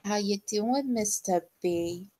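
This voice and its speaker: A woman's voice: medium pitch, takes it slowly, mellow, natural voice. A woman doing a flirty impression of a playful comic-book villainess, Harley Quinn.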